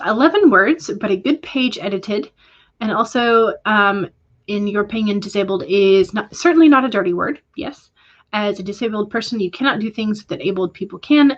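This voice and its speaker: A woman's voice: medium pitch, lo-fi sound. A woman hosting a casual writing livestream, reading viewer comments aloud and answering them, with hesitant fillers along the way. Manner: reads viewer comments aloud and responds warmly. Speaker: livestream host reading chat.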